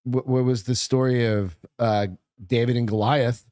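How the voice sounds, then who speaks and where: A man co-hosting a podcast in casual chat, laid-back and tossing out quick jokes. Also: mid-range voice, fairly even intonation, a little mellow, no room sound, studio quality. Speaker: podcast co-host.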